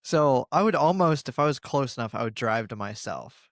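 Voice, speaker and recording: A man co-hosting a podcast in relaxed casual chat, laughing along often. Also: medium pitch, normal speed, no echo, clean studio sound. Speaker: podcast co-host.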